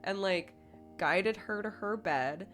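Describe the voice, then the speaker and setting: A woman's voice: medium pitch, slow, fairly bright tone, soft background music. A woman streamer chatting casually with her viewers, telling a story with lots of "like" fillers and bursts of laughter.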